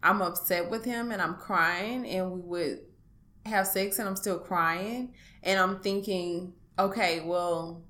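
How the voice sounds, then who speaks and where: A woman's voice: lowish voice, bright, forceful tone. Hesitant woman telling her story. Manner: halting, hesitant, with many pauses and restarts. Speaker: interview guest. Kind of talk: personal account in an interview.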